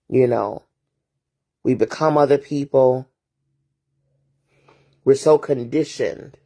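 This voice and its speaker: A woman therapist delivers a casual morning monologue at an unhurried pace. She drives each point home by repeating phrases in long drumming lists. Her tone is preachy, with rhetorical asides to the listener. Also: extremely low pitch, warm tone. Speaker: therapist and motivational host.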